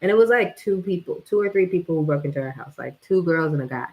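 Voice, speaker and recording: A woman vlogger telling a story in casual, slangy talk, animated and often breaking into laughter. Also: fairly low pitch, quick pace, low-quality recording.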